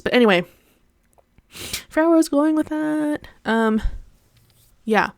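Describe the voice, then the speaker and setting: A woman's voice: sits high, animated, a little slow, vocal fry, long pauses, no echo, studio quality. A young adult woman hosting her podcast, talking in a candid, rambling and tangential personal monologue. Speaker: podcast host.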